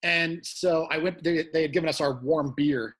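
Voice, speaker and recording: Husky profane comedian telling a story. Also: male voice, a little high, moderate pace. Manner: animated, profane storytelling with loud acted-out quotes. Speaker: comedian guest. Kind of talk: casual storytelling chat.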